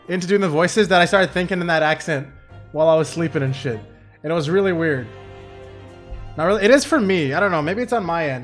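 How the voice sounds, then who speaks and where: A young man doing excitable, swear-heavy let's play commentary as a streamer. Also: fairly high pitch. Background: faint game music.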